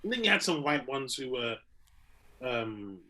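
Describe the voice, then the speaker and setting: A young comedian co-hosting a podcast, telling animated stories and acting out little scenes as he talks. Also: medium pitch, measured pace, low-quality recording. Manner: animated storyteller, acts out little scenes, laughs readily. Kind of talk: casual chat.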